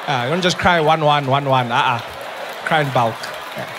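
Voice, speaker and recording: A young man with a South African accent doing animated stand-up comedy on stage, telling stories with playful voices. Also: medium pitch, moderate pace, a crowd in the background, background noise. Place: live venue with audience.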